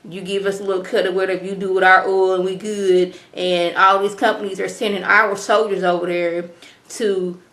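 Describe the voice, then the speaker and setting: A woman casually recapping a TV drama episode in a chatty, slangy, animated way. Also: medium pitch, normal speed, echoey room. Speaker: TV episode reviewer.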